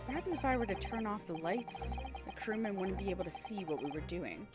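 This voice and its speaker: A woman's voice: mid-range voice, lively intonation, fairly quick, lightly acted. A woman voicing a put-upon young lawyer. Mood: dry. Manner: dry, put-upon, formal. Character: young earnest male Japanese lawyer, exasperated. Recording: game music underneath.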